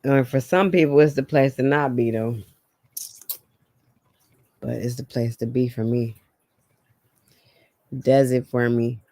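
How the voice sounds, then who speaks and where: Slow-talking, laid-back male host. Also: medium pitch, fairly even intonation, dark tone. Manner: laid-back, brief replies. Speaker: channel host. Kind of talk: casual livestream chat.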